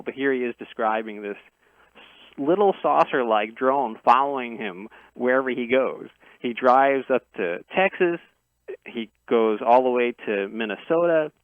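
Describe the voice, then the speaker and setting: A man's voice: mid-range voice, no room sound. A man on a radio show tells a long first-person story in an earnest way, often breaking off and restarting phrases. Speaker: interview guest. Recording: dry tinny phone line.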